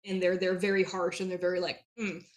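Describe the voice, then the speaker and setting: A woman's voice: lowish voice, little pitch movement, fairly quick. Chatty woman from New Hampshire. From southern New Hampshire. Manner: chatty, laughs often, many fillers. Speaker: interview guest. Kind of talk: casual interview chat.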